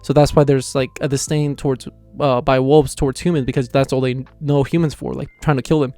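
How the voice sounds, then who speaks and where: A man's voice: mid-range voice, little pitch movement, a little fast, dark tone, faint music behind. A man casually reviewing an anime episode, retelling the plot in a loose, chatty way.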